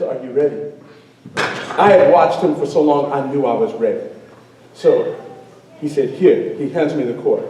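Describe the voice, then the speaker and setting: Heard from a distance in a heavily echoing school auditorium, a male storyteller performs a tale with animated playfulness and call-and-response with the crowd. His voice is slightly high, and there's a little hiss or hum on the recording.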